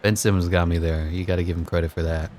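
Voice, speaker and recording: A man giving casual, excitable commentary over his own gameplay, laughing at the game and mocking himself. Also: fast, a little hiss or hum. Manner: excitable, voice jumps high when hyped. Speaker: gaming commentator.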